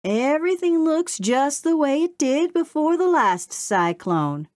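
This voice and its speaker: A woman voicing a folksy old male beaver who speaks with a slow drawl. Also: sits high, very animated, darkish tone, no room sound, clean studio sound, voice pushed up. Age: older.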